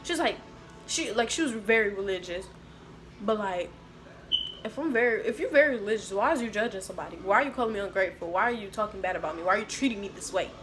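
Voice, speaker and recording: A young woman telling a storytime to her viewers, animated and slangy. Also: medium pitch, fast, music in the background. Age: young adult. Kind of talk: casual storytime.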